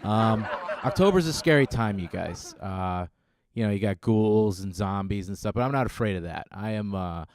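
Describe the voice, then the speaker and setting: A man doing a stand-up comedy set on stage, laid-back and deadpan with lots of ums. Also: on the low side, moderate pace, crowd noise. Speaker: stand-up comic. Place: comedy stage before live audience.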